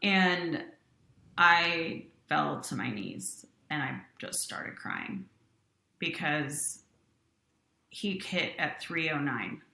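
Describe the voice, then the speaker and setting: Woman guest, low pitch, bright forceful tone, roomy echo; earnest storyteller. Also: drawn-out words, vocal fry. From Utah. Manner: earnest, animated storytelling with quoted voices. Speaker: company president, guest. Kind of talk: personal storytelling in interview.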